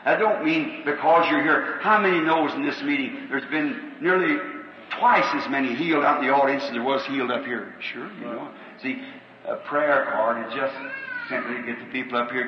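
A man's voice: medium pitch, highs cut off, a little hiss or hum. A man preaching a revival sermon with a Southern American accent, folksy and earnest, calling numbers out to a crowd. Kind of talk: revival sermon and healing line. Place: large auditorium. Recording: old echoey hall tape from far off.

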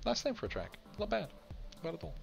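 A man hosting a game tournament stream, tired and with a sore throat, chatting in a relaxed, chuckling, rambling way. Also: on the high side, fast talker, vocal fry. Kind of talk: casual live game commentary. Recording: dull lo-fi stream audio with game music. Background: faint game music.

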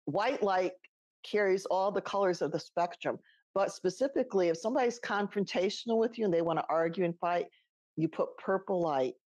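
A woman's voice: lowish voice, a little fast, a little mellow, no echo. A middle-aged woman co-hosting a podcast, telling a personal story in a casual, chatty way and laughing often. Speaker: podcast co-host.

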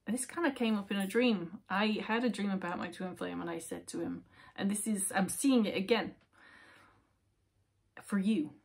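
A woman talks through a tarot spread in a loose, chatty way, full of fillers and restarts. Her voice is husky and sits at an ordinary middle pitch. Now and then she drops to a near-whisper. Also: moderate pace. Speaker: tarot reader. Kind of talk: casual tarot reading to camera.

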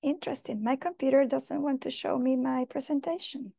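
A woman's voice: sits high, a little fast, vocal fry, mellow, no echo, studio quality. A woman presenting on a video call, emotional and apologetic, flustered by screen sharing. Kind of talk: online conference talk.

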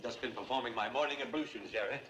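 An actor playing a boozy, flowery frontier doctor with a grandiloquent, theatrical manner, in 1960s film acting. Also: male voice, medium pitch, fast talker, lightly acted. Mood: blustering. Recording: film soundtrack with background noise.

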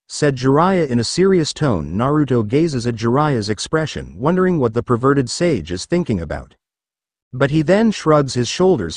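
Male narrator for read-aloud fan fiction, lively pitch, dry close mic. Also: normal speed, no echo.

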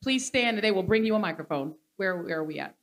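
A woman's voice: mid-range voice, lively intonation, fast. A woman moderating a live onstage conversation, speaking in an emphatic, blunt and playful way.

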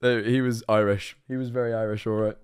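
A man's voice: fairly low pitch, flat delivery, a little fast, slight background noise. Swearing, laughing male streamer. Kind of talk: casual reaction commentary.

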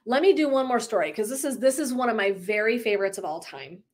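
Woman coach on a live stream, blunt and animated, a bit high-pitched, throws in the odd swear. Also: fast talker. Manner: candid and emphatic, swears casually; animated storyteller who acts out clients' lines. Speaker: wellness and energy coach. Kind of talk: livestream talk to viewers.

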